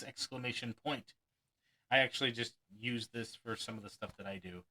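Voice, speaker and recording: A man's voice: mid-range voice, moderate pace, sharp tone, poor audio. A man and magician reading a magic book aloud, chuckling and breaking off to add his own asides between passages. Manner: acts out quoted lines with mock enthusiasm.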